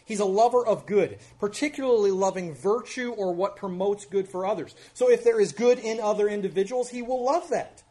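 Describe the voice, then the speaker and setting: A pastor preaching an earnest expository sermon, with emphatic rises and drops in loudness and casual asides. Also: male voice, high voice, a little fast, hardly any pauses. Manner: conversational asides.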